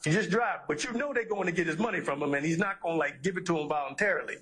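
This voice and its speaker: A male detective questions a suspect in a high, quick voice. He pushes with blunt follow-ups and drops casual profanity along the way. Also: crowd noise. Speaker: police detective. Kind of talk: recorded police interview. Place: police interview room.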